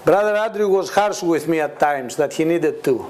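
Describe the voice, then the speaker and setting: With a fairly high pitch and a normal pace, a male guest preacher shares a conversational testimony at a church meeting whose congregation answers back. There is slight background noise, and he laughs a lot while animatedly performing the quoted voices in his stories.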